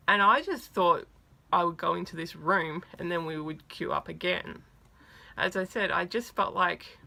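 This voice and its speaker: A woman vlogger excitedly telling a story in a casual, chatty way, with lots of fillers. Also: on the low side, creaky.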